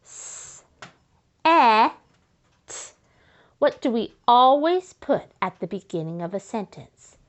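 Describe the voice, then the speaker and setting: A woman's voice: on the high side, lively intonation, a little slow. A woman teaching young children to write sentences, patiently sounding out letters and words and often praising them. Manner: encouraging praise. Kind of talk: slow step-by-step writing lesson for young children.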